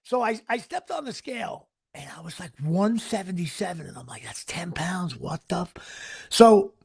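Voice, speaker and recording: A man with a high, gravelly voice hosts a casual talk show. He tells his story in an animated, rambling way, circling back and restarting his sentences again and again. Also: moderate pace. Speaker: podcast host.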